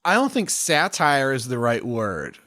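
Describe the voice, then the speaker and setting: A man's voice: medium pitch, huge pitch swings, a little slow, sharp tone, no echo. Hesitant man on a dry podcast mic. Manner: hesitant, searching for words. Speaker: podcast co-host. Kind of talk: casual podcast chat.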